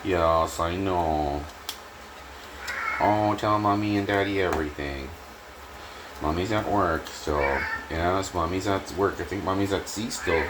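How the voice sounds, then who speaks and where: Deep-voiced man rambling at home. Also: very noisy. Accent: Canadian English. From Canada. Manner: halting, full of fillers and trailing restarts; affectionate, talks in pet names to an absent listener and his cat. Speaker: vlogger. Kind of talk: rambling home vlog talk to camera. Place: small apartment kitchen, indoors.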